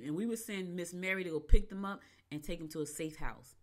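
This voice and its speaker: A woman with a somewhat low voice hosting her own podcast, talking in a loose, chatty way. She wanders between memories and slips into the voices of the people she quotes as she tells each story. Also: brisk. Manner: chatty, digressive, acts out quoted dialogue. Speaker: podcast host. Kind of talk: casual storytelling monologue.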